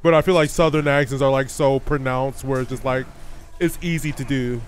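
A man's voice: mid-range voice, steady tone, brisk, a little hiss or hum. A man hosting a reaction video, chatting casually and bluntly, often swearing and talking back to the screen.

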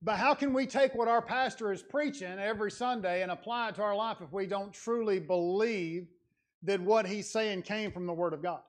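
A man with a notably high voice preaches in a church sanctuary, speaking. His delivery is earnest and conversational, swinging between quiet, confiding asides and loud, emphatic passages. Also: moderate pace. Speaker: lay preacher. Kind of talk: sermon.

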